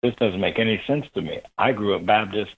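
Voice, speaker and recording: Male guest, husky and low-pitched, animated storyteller. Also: fairly quick, phone-quality sound. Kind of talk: storytelling in a radio interview.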